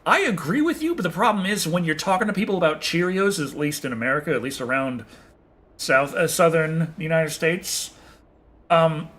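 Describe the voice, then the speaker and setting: A man chats loosely with his viewers while he plays, rambling from one thing to the next and swearing freely. His voice sits a little high and sounds bright and forceful, often breaking into a chuckle. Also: lively intonation, moderate pace. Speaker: streamer. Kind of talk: casual chat with viewers while playing.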